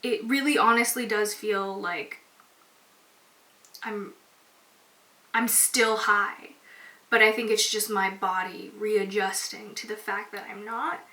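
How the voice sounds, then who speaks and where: A woman's voice: medium pitch, steady tone, takes it slowly, long pauses, pushed and bright. A young woman hosting her own podcast, talking openly and emotionally in a casual, candid monologue. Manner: open, emotional, casual with frequent "like". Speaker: podcast host. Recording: roomy echo, distant mic, faint hiss.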